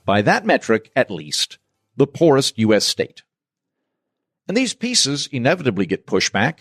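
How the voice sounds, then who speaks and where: A man's voice: mid-range voice, huge pitch swings, a little slow, no echo, studio quality. A man hosting a podcast, delivering a scripted monologue in a wry, sardonic way. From United States. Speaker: podcast host.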